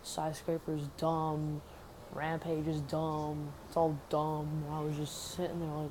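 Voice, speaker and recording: A woman's voice: low-pitched, completely flat delivery, slow pace, background noise. A young woman ranting sarcastically about movies in a rambling, casual way, full of "like". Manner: mocks movie characters in exaggerated voices. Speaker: movie reviewer. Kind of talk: casual movie review rant.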